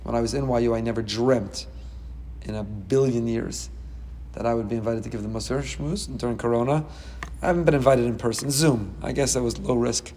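Animated male rabbi in an echoey hall. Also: medium pitch, a little hiss or hum. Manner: animated, dramatic storytelling with quick asides. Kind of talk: Torah class sermon.

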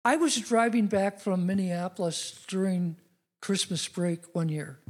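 A man's voice: sits high, measured pace. A middle-aged man preaching a sermon, telling personal stories in an earnest way that rises to emphatic declarations.

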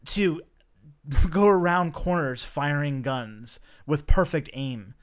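Man, slightly high voice, skeptical, halting with fillers, casual chat. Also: lively intonation.

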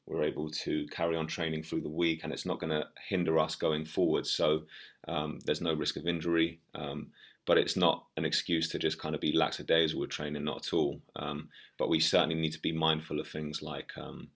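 Very deep, flat-voiced male host. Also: a little fast, gravelly. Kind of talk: casual podcast chat.

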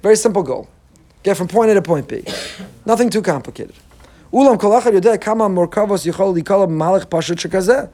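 A man, a rabbi giving an emphatic Torah class, reading Hebrew text aloud and translating it. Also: warm tone. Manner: emphatic, rises in pitch when making a point.

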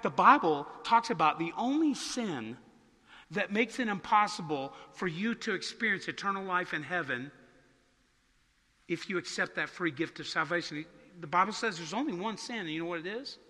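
A man preaching in a church sanctuary, his high, very bright voice carrying a long hall reverb. He talks conversationally and slows down to stress key words. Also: lively intonation. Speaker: pastor. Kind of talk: sermon.

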